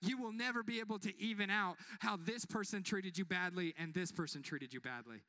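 A man's voice: high voice, brisk, sharp tone. A young man giving a conversational, joking sermon as a pastor, often asking the congregation to respond. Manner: conversational, joking, asks the crowd for amens.

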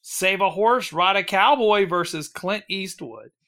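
A man hosting a loose, casual podcast chat. His voice is bright and clear, and he rambles, laughs and swears freely as he runs the vote. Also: sits high, unhurried. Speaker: podcast host running a bracket vote.

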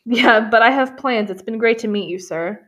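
A woman's voice: a little high, moderate pace, a bit bright. A woman reading a novel aloud on a comedy podcast, breaking off for sarcastic asides. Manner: wry, sarcastic asides between read passages. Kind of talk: comedic dramatic reading with commentary.

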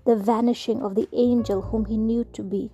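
A woman whispering a story aloud in a soft, slow, hushed reading. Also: a little high, fairly even intonation.

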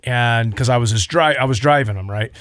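A man who is a pastor, chatting casually and telling a story with lively acted-out quotes, on a close mic. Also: mid-range voice, fairly quick, no room sound. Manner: animated storyteller, acts out quotes. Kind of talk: casual chat.

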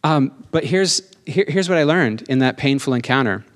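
A middle-aged male pastor preaching a sermon, animated and emphatic, asking the congregation for amens and slowing down to stress key lines. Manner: slows down for emphasis, rising pitch on key lines.

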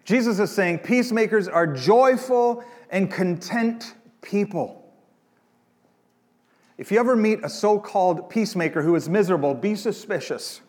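A man preaching in a church, his voice sitting a little high and trailing off into a long hall reverb. He keeps it conversational, with jokey asides to the congregation. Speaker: pastor. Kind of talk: sermon.

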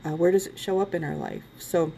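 A woman hosting a casual podcast talks in a low, gravelly voice. She rambles a little and laughs often. There is a faint hiss behind her. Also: sing-song, brisk, dark tone. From Ohio. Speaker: podcast host.

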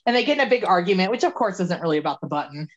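Low-ish woman's voice, podcast cohost retelling a movie, laughs a lot, kinda muffled lo-fi audio. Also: rapid-fire. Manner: animated retelling with laughter and quoted dialogue. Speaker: podcast co-host. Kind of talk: casual chat recapping a movie.

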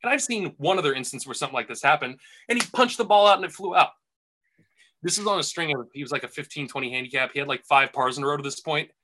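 A man's voice: on the high side, expressive, quick pace, bright, forceful tone. A man casually telling a rambling golf caddy story on a podcast, full of restarts and asides.

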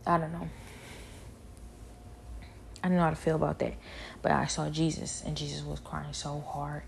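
A woman giving a spoken personal testimony, halting and repetitive, with many fillers. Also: sits low, flat delivery, gravelly, a little mellow, a little hiss or hum.

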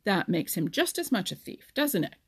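A woman's voice: on the low side, sing-song, moderate pace, slightly rough, heavily acted. A woman doing a snappish sulky otter boy. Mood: angry, snapping. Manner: snappish, stammering. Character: sulky hot-tempered young male otter. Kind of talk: storybook reading.

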